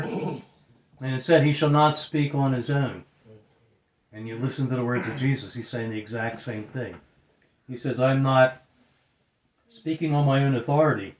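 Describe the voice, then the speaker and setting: A man preaches a sermon in an earnest way, repeating his phrases to drive them home. His voice sits at an ordinary middle pitch, and the recording carries a roomy echo.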